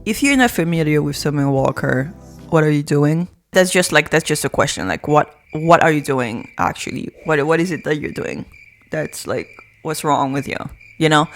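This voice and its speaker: A young woman talks into her camera with a very low, hoarse voice roughened by a sore throat. She rambles playfully and pokes fun at herself in a loose vlog chat, with faint music in the background. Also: lively intonation, moderate pace. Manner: rambling, playful, self-mocking. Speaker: YouTuber.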